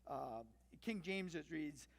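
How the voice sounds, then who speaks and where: Pastor, conversational sermon, wry asides, acted-out quotes, middle pitch, long church reverb. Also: takes it slowly, creaky. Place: church sanctuary.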